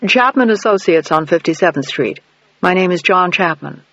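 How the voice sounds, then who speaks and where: A courteous, formal middle-aged investigator with a fairly high voice, played by the male narrator. He speaks in measured, polite sentences. The recording sounds dull and dry. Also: lively intonation, bright, forceful tone, dry recording, exaggerated voice.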